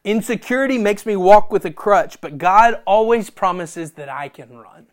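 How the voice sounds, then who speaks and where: A preacher delivering a sermon, reading scripture and explaining it, often repeating phrases for emphasis and swinging between loud, emphatic bursts and hushed, near-whispered lines. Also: medium pitch, lively intonation, normal speed. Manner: reads scripture aloud with commentary.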